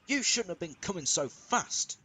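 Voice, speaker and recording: A man's voice: high-pitched, big pitch swings, moderate pace, pushed and bright, husky, pitched above the performer's own voice, full character voice. A man voicing a cheeky, snappy little male engine in a fan-made story, snapping and stammering. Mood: snappish.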